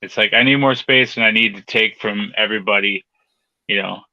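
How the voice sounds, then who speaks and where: A man's voice: lowish voice, fairly quick, bright, forceful tone, no room sound, muffled recording. A man co-hosting a live stream in a laid-back way, mostly giving short replies. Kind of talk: casual chat.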